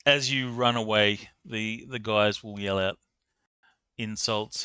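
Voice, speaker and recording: Guy game master narrating, lots of ums, bright crisp voice. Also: on the low side, fairly even intonation, slow pace, no echo. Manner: hesitant, with many ums and uhs.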